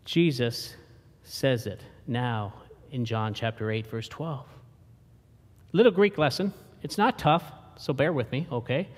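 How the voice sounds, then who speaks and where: A man preaching a sermon as pastor, slow and emphatic, with dramatic pauses. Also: mid-range voice, a little mellow, in a large hall.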